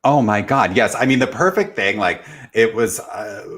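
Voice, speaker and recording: Man, casual recap co-host, lowish voice, bright tone, animated storytelling. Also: moderate pace, breathy edge.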